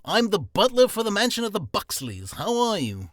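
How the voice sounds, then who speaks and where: A man's voice: high voice, wildly swooping pitch, normal speed, fairly bright tone, dry recording, clean studio sound, voice pushed up, full character voice. A man voicing a formal, polite male butler of a mansion, speaking in a stiff, proper manner. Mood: courteous.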